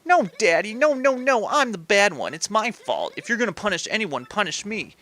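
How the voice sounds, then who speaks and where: A man voicing a lovestruck young woman, a mobster's daughter, speaking in a raised, pleading pitch. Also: sing-song, normal speed, bright, forceful tone, exaggerated voice.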